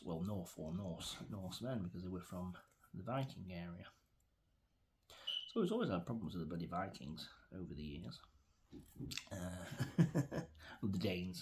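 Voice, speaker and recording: A middle-aged Englishman with a low, deep voice talks straight to camera in a rambling, opinionated rant. He hesitates and restarts often and wanders from one grievance to the next. A faint hiss of noise sits under his voice. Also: darkish tone. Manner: meandering, opinionated, many fillers and restarts. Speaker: vlogger.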